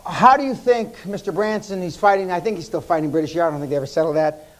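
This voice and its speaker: A man's voice: high voice, fast, rough recording. An American man in his fifties giving a live seminar talk, telling brash stories laced with profanity. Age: 50s. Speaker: seminar speaker.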